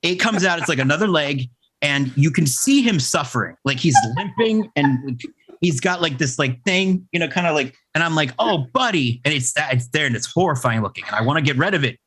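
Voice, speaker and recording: A man's voice: on the high side, expressive, brisk, fairly bright tone, slightly rough. A man hosting a podcast in casual chat, rambling and joking with frequent fillers and restarts. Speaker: podcast host.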